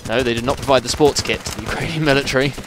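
A man's voice: mid-range voice, rapid-fire, background noise. A young man giving rambling, chatty commentary while playing a military shooter. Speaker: gameplay commentator. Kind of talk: casual gameplay commentary. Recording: gameplay gunfire and explosions behind.

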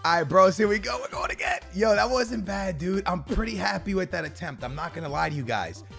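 A young man giving casual, slangy commentary on a video game, bursting into shouts at big moments. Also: high-pitched, expressive, brisk, creaky, faint music behind. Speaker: gaming YouTuber.

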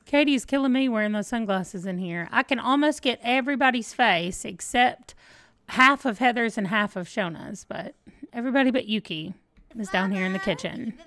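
A woman's voice: a little high, animated, normal speed, a bit bright. A woman hosting a let's play, chatting casually and thinking aloud as she plays. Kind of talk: casual gameplay commentary.

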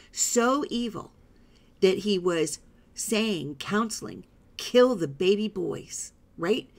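Woman, Bible teacher, slightly low voice, reads scripture aloud with commentary, checks in with "right?" and "okay?". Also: gravelly. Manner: reads passages aloud, then stops to explain.

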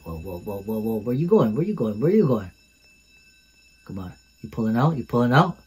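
A man hosting his gaming channel, giving excitable gameplay commentary, repeating himself and calling out to his viewers. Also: lowish voice, normal speed, husky.

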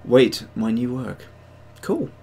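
A man's voice: mid-range voice, expressive, takes it slowly, creaky, mellow, husky. A man hosting a digital sculpting livestream, chatting casually and rambling as he reads out viewers' messages and pokes fun at himself. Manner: rambling, self-mocking, reads chat aloud. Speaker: host of a digital sculpting stream.

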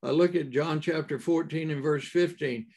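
A man preaching a sermon in a halting way, with many fillers and restarts and emphatic rises. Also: on the high side, darkish tone.

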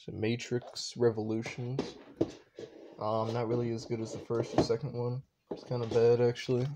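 A man's voice: medium pitch, monotone, normal speed, very noisy. A young man casually talking through his shelves at home in a rambling, unsure way, full of offhand asides. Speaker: vlogger.

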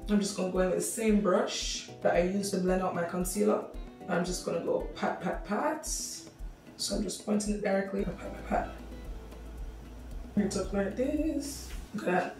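A young woman with a Jamaican accent, chatting through a makeup tutorial and telling stories in a lively way. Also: medium pitch, brisk, very echoey, recorded from a distance, music in the background, rough recording. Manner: chatty, animated storytelling. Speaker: makeup artist.

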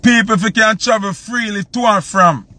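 A man's voice: sits high, moderate pace, pushed and bright. A man from Jamaica with a Jamaican accent, hosting a live stream and ranting heatedly, repeating his points for emphasis. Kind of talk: live-stream commentary rant.

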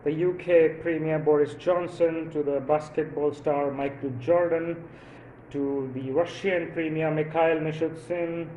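Man from India, stand-up monologue, unhurried and meandering, laughs at his own lines, echoey room, faint noise. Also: on the high side, steady tone, warm tone, lo-fi sound. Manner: rambling, with many fillers and chuckles at own jokes. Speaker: stand-up comedian.

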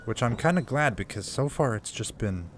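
A man's voice: mid-range voice, animated, normal speed, a little hiss or hum. A man playing a survival horror game and commenting casually, chatty and jumpy, laughing nervously at the scares. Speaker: gaming YouTuber. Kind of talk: let's play commentary.

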